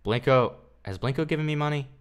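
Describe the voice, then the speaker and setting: A man hosting casual reaction commentary, crude and sarcastic, swearing constantly and dropping into low mumbled asides. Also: quick pace, smooth. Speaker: commentary host.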